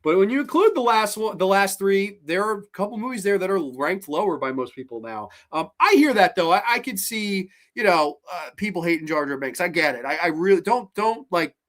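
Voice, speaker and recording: A host in their late twenties, chatting casually on a live stream, animated, swearing freely and often restarting sentences. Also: mid-range voice, a little fast, few pauses. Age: late 20s. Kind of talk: casual live stream chat, reacting to viewer comments.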